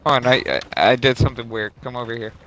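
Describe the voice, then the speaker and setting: A man's voice: mid-range voice, fast, a bit bright. A man co-hosting a gaming stream, cracking dry jokes in casual chat. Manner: dry, joking asides. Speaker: co-host streamer. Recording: crackly audio with background noise.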